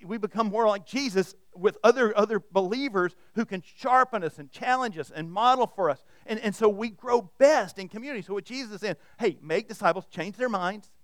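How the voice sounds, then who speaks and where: High-voiced, smooth-toned male preacher. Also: dry recording, studio quality. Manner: storytelling, repeats and restarts words. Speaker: pastor. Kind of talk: sermon. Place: church hall with audience.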